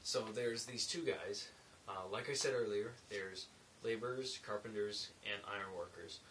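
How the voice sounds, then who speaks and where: A man's voice: on the low side, normal speed, fairly bright tone, recorded from a distance, low-quality recording. A man who works as a construction laborer, telling casual late-night work stories in a loose, rambling way with lots of fillers. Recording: faint hiss, mic set back.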